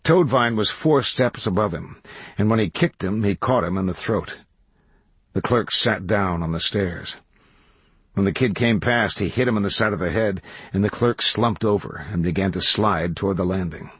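A man reading a novel aloud as audiobook narrator, in measured, even storytelling. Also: on the low side, husky, dry recording. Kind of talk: scripted narration.

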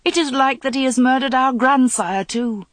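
A reader doing a fierce priestess, raised and high. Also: moderate pace, fairly bright tone, no room sound. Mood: urgent.

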